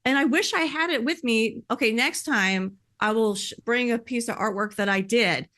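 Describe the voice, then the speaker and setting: A woman speaking in earnest, conversational podcast talk, heartfelt and animated, often filling with "like" and "you know.". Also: fairly high pitch, moderate pace. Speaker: podcast speaker sharing personal experience.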